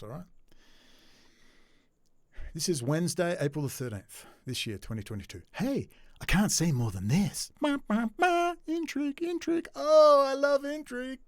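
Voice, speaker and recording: A man giving a ranting solo commentary, sarcastic, swinging between low muttering and loud mocking outbursts. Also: no room sound. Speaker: commentary host.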